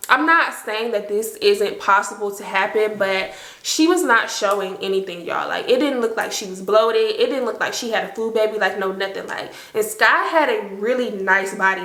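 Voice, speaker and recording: A young woman vlogger telling a storytime to her viewers in a casual, animated way, full of "like" and acted-out quotes. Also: mid-range voice, roomy sound. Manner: animated, heavy use of "like", acts out quotes.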